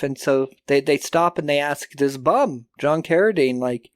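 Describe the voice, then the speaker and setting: A man co-hosting a podcast, casually recapping a film and acting out the characters in quick put-on voices, with a lot of swearing. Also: fairly high pitch, smooth, no room sound, clean studio sound. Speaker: podcast co-host.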